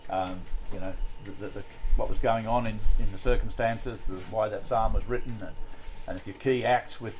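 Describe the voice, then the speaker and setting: A man's voice: fairly low pitch, fairly even intonation, normal speed, a little mellow, slight background noise, poor audio. A man leading a group Bible study, talking in a conversational way with many fillers and restarts.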